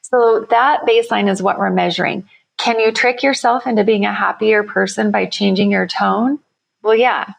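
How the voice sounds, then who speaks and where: Gravelly-voiced woman founder explaining. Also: mid-range voice, fairly even intonation, normal speed. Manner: enthusiastic, explanatory, self-correcting. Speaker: company founder, guest. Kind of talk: podcast interview.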